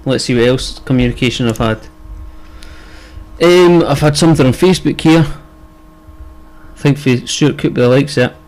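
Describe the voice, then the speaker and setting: A man's voice: medium pitch, normal speed, long pauses, a little mellow. A man co-hosting a casual podcast, chatty, swearing and laughing as he goes. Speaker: podcast co-host. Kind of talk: casual chat.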